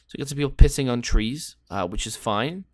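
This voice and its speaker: A man's voice: mid-range voice, brisk, dry recording, clean studio sound. A man giving casual, rambling commentary while playing a guessing game, joking and thinking aloud. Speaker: gameplay commentator.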